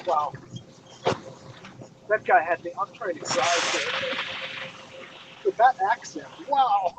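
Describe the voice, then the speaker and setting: A man's voice: high-pitched, sing-song, takes it slowly. A man on a group video call, making easygoing, impressed remarks. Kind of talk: casual group-call chat. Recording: distant, very noisy call audio.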